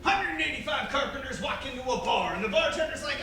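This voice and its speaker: High-voiced improv joke-teller in an echoey room. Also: male voice, animated, bright, forceful tone. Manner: quick punchline delivery. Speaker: improv performer. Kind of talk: live improv joke-telling. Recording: echoey room from far off with crowd noise.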